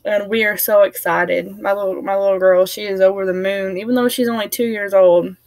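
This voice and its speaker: A woman's voice: mid-range voice, fairly even intonation, a little fast, darkish tone, no echo. A young woman chatting to camera in a rambling, casual way, laughing now and then and sounding tired. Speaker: family vlogger.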